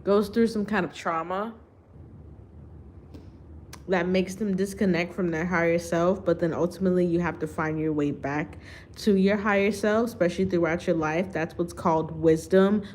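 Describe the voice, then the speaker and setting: A woman speaking unscripted to her viewers as a spiritual reader, slow and deliberate, with long pauses and restarts. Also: fairly low pitch, fairly even intonation, darkish tone, slight background noise. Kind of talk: unscripted spiritual monologue to camera.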